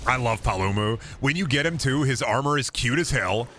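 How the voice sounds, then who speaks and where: A man streaming a video game, chatting casually and profanely with his viewers in an animated way. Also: mid-range voice, a little fast, slight background noise. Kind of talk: casual gaming stream commentary.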